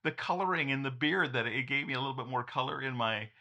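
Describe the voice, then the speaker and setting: A man gives a casual, upbeat screen-share tech tutorial, chuckling often and restarting sentences. His medium-pitched voice is gravelly, pushed and bright, steady in tone and fast.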